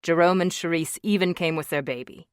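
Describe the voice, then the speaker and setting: A woman reading an audiobook, voicing a gentle, playful young husband in a lowered voice. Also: brisk, no echo, clean studio sound, lightly acted. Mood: teasing. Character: tender joking young husband, man. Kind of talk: audiobook character voice.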